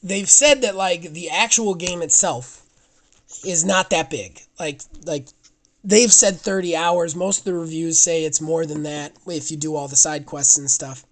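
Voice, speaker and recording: A man co-hosting a casual podcast, talking in an excitable, rambling way and often restarting his sentences. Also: fairly high pitch, unhurried. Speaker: podcast co-host.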